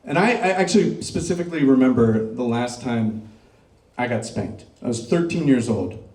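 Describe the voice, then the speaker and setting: A middle-aged stand-up comedian with a mid-range voice and moderate pace performs a set on a comedy club stage, doing crowd work and delivering deadpan dark punchlines to a laughing audience. The sound is roomy, with the mic picked up from a distance.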